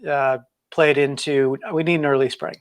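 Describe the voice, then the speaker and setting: A man hosting a casual sailing chat show, relaxed and joking with plenty of fillers. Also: mid-range voice, moderate pace, smooth. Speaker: podcast host.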